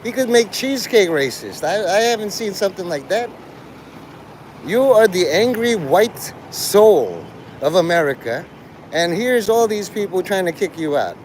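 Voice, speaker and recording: A man's voice: sits high, big pitch swings, measured pace, a little mellow, a little hiss or hum. A man streaming live and talking with his chat in a provocative, profane, rambling way. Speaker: livestreamer. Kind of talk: casual livestream chat with viewers.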